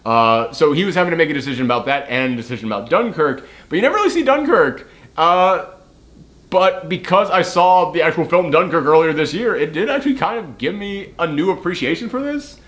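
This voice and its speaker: A man's voice: a little high, sing-song, a little fast, a bit bright. Chatty man rambling through a film review. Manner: chatty, rambling with many fillers. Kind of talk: casual film review chat.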